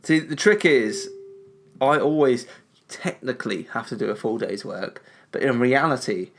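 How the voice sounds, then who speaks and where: A man co-hosting a podcast after a few drinks, his words a touch slurred. He rambles loosely and chattily in an ordinary middle-pitched voice. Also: moderate pace. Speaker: podcast co-host. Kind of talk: casual podcast chat.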